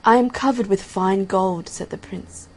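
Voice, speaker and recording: A woman reading a fairy tale aloud in a gentle, measured way, giving the characters' lines softly. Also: medium pitch, husky, low-quality recording. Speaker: storyteller. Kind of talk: storybook reading.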